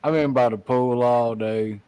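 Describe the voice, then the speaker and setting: A man's voice: medium pitch, steady tone, measured pace, over a noisy crowd. A man telling loose stories in a casual podcast chat, rambling with lots of fillers. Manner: rambling storyteller, many fillers, Southern slang. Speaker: podcast guest.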